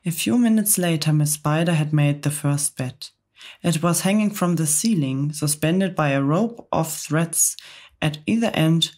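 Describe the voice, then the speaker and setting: A woman calmly reading a children's book aloud as an ASMR video. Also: low voice. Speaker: ASMR reader.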